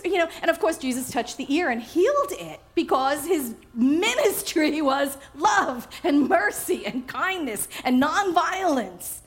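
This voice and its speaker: Casting: woman giving a sermon with a slightly high voice, animated and quick to laugh. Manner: animated, repeats phrases for emphasis, laughs often. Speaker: spiritual minister.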